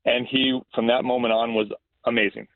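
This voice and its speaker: A man's voice: medium pitch, flat delivery, fairly quick, dry recording. Man, middle-aged, school principal, earnest storyteller, restarts phrases, phone-line sound. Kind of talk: casual storytelling in a podcast interview.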